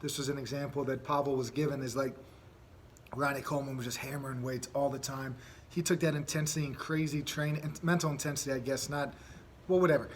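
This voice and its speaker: A man's voice: medium pitch, steady tone, quick pace, a little hiss or hum. A man hosting a podcast, chatting in a rambling, laid-back way with lots of fillers. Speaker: podcast host. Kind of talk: casual podcast chat.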